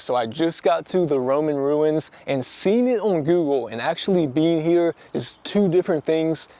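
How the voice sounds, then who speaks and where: A man's voice: a little high, warm tone, no room sound. A young American man talking casually to the camera on a solo travel vlog, chatty and enthusiastic about what he sees around him outdoors. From United States. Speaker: travel vlogger. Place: outdoors on a sunny hillside.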